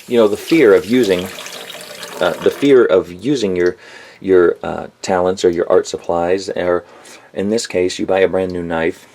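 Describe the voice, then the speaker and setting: A man's voice: low voice, moderate pace, darkish tone, a little hiss or hum. A man reviewing a knife in a home kitchen, talking in a rambling, profane, self-mocking rant to camera.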